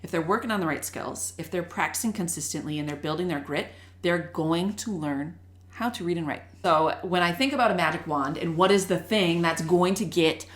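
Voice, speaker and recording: A woman's voice: fairly low pitch, brisk. Chatty woman host in an echoey room. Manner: chatty, lively, jokey. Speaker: show host and reading teacher. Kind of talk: casual talk to parents.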